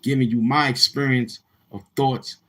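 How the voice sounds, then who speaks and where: Husky new guy from brooklyn just rambling stories on his live, keeps acting out what people said. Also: mid-range voice, fairly even intonation, moderate pace, a bit bright. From Brooklyn, New York. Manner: loose, repetitive street talk with quoted dialogue. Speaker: livestream host. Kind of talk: rambling storytelling on a livestream.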